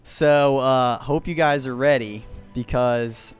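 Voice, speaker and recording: A young man with a smooth, clear voice runs a trivia game, playful and a bit nerdy. Music plays faintly behind him. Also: medium pitch, takes it slowly. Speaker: co-host running trivia. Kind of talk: casual chat, quizzing.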